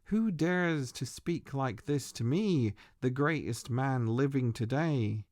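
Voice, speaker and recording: A man's voice: medium pitch, animated, slow pace, darkish tone, no room sound. A man voicing a weary, deceitful old sorcerer in a book reading, pleading and self-pitying. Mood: defiant then weary.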